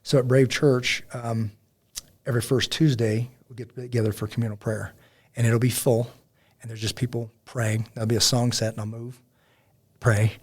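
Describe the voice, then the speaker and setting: A man hosting a casual faith podcast, telling stories in a rambling, animated way with many fillers. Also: medium pitch, normal speed, breathy edge. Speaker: podcast host.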